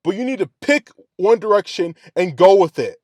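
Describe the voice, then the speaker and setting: On a sports reaction show, a man with a high-pitched, lively, slightly mellow voice rants at a moderate pace, heated, profane and repeating his complaints. The recording is dry and studio quality.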